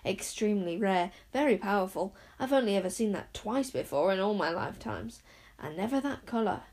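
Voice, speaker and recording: A woman's voice: mid-range voice, expressive, fairly quick, a little mellow. A woman voicing a fussy, grand old talking bird in a storybook, speaking in a theatrical, formal way. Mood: grave.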